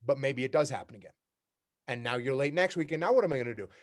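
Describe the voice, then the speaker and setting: A man's voice: medium pitch, expressive, quick pace. A man giving a leadership keynote talk in a direct, repetitive way, acting out workplace conversations to make his points. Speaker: keynote speaker. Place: remote talk for a virtual summit.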